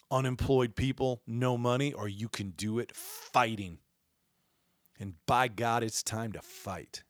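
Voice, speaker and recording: A fiery man delivers a podcast monologue, his voice climbing into loud rhetorical questions and then dropping low and slow. The sound is dry and close. His pitch sits in the middle range. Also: no echo. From Indiana, United States. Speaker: podcast host. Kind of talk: impassioned monologue.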